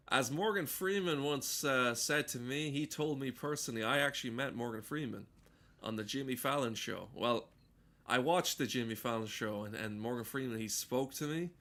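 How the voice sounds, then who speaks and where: A man's voice: mid-range voice, normal speed, fairly bright tone. A man giving casual, profane, rambling commentary while playing a horror game, drifting into joking tangents. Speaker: gaming streamer.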